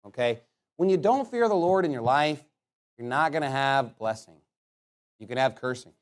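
A male pastor preaching a sermon bluntly, swinging between loud emphatic bursts and quiet asides. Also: mid-range voice, expressive, moderate pace. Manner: peppers points with "okay?" and "you know what?".

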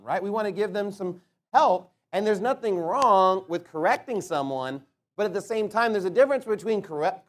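A man preaching a sermon, asking rhetorical questions and slowing down to stress his points. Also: high-pitched. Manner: emphatic, rhetorical questions, slows to stress words.

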